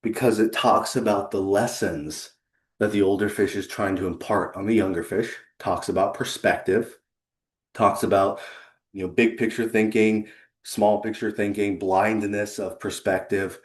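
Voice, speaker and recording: A man giving an earnest, conversational presentation on a video call, pausing for effect. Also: fairly low pitch, echoey room. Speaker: leadership consultant and presenter. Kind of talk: presentation to a remote audience.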